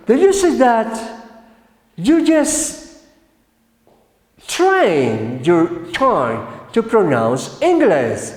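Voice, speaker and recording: Brief: male TV English teacher, high lively voice, echoey studio with long reverb. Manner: animated, switching between English and Spanish translations; slow, drawn-out model phrases for repetition. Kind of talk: TV English lesson.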